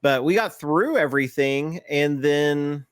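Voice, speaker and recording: A man co-hosting a podcast, telling a rambling story in casual chat with many fillers and quick laughs. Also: fairly high pitch, clean tone, dry recording, studio quality. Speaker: podcast co-host.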